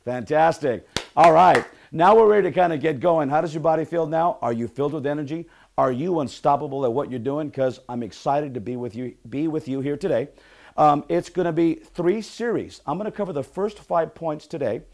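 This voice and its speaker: Middle-aged guy coaching real estate agents, peppy, call-and-response pep talk, voice on the higher side. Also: brisk, vocal fry, a little mellow. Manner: upbeat, leads call-and-response affirmations. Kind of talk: motivational training talk.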